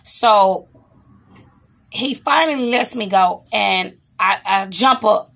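A woman's voice: medium pitch, slow pace, creaky, fairly bright tone. A woman vlogger telling a personal story in a candid, rambling, profane way, breaking off now and then to scold her child. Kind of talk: casual storytime monologue.

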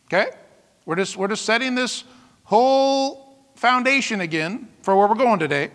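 A man's voice: high voice, bright, forceful tone, in a large hall. A man preaching a sermon as pastor, emphatic, with dramatic exclamations and rhetorical questions to the congregation.

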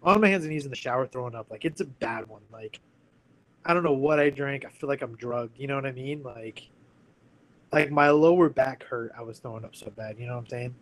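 A man's voice: mid-range voice, fairly quick, slight background noise, poor audio. Casual, candid male storyteller in his thirties: earnest, loose, heavy on fillers, conversational. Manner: candid and earnest, full of fillers like "like" and "you know". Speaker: guest telling a personal story.

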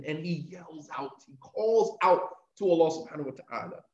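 A man with a fairly high voice delivers a morning remembrance sermon in an earnest way, often putting rhetorical questions to his listeners. The recording is echoey and dull, with a lo-fi sound. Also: moderate pace, hardly any pauses, a little mellow. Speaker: preacher.

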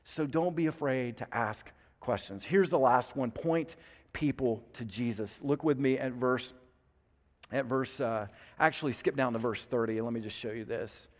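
A man's voice: mid-range voice, moderate pace. A man preaching from the pulpit, earnest and emphatic, leaning on repeated phrases to build his point. His voice sits in a middle range and rings out with long reverb across a large church sanctuary. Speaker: pastor. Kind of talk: sermon.

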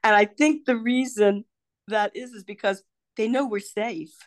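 The host's mother, an older woman guesting on the podcast, speaks at a measured pace in a slightly high voice with no echo. In a casual video-call chat she tells stories animatedly, acting out the people she quotes.

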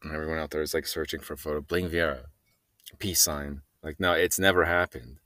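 A man's voice: extremely low pitch, steady tone, a little fast, pushed and bright, dry recording, clean studio sound. A man hosting a solo podcast, rambling and joking in a meandering way and trailing off mid-sentence. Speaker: podcast host.

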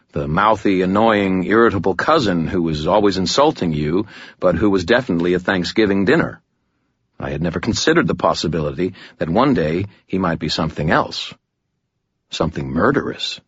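A man narrating a fantasy audiobook in the first person, with tense, measured storytelling. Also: low voice, fairly bright tone, slightly rough, no room sound, lo-fi sound.

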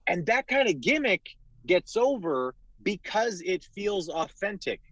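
A man's voice: sits high, sing-song, a little slow, a bit bright, dry recording. Blunt, profane man, dry close sound. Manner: blunt, profane, opinionated with restarts. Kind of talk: casual wrestling chat.

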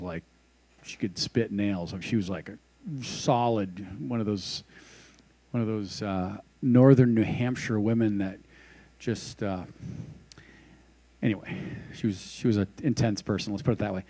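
Conversational man preaching, mellow voice. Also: lowish voice, normal speed. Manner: conversational, with prayer and scripture reading. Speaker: pastor. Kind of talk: casual devotional sermon.

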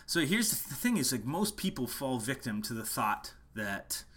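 A man, a musician teaching online marketing, is very animated as he gives a casual, passionate talk to camera at home late at night, repeating himself to hammer points home. His mid-range voice is a bit bright and slightly rough, at a moderate pace.

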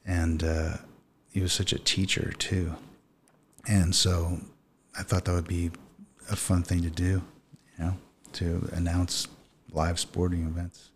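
A man's voice: low-pitched, flat delivery, a little slow, a little hiss or hum. A man hosting a casual podcast chat, answering a question about his childhood dreams in an easygoing way. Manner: easygoing, brief listener responses.

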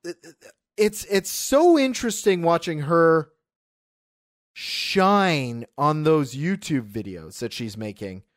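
A co-host argues about the year's films with a lively, swooping delivery. The talk is emphatic and laced with casual swearing. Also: mid-range voice, slow. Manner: animated, emphatic, swears freely. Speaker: co-host film reviewer. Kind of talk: casual film review chat.

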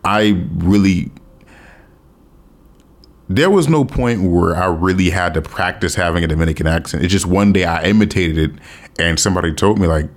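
A man's voice: low voice, moderate pace. An American man hosting a podcast, talking casually and bluntly on his own and swearing freely. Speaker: podcast host. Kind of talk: casual solo podcast talk.

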